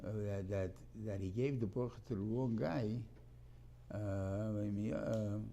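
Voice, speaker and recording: A man's voice: on the low side, fairly even intonation, unhurried, mellow. A man teaching a Torah class in a rambling, conversational way, often restarting his sentences and mixing in Hebrew terms.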